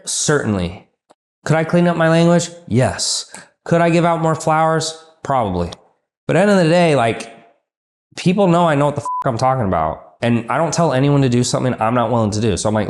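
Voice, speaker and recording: A man's voice: on the high side, animated, brisk. A man coaching a business owner in a blunt, profane, ranting way.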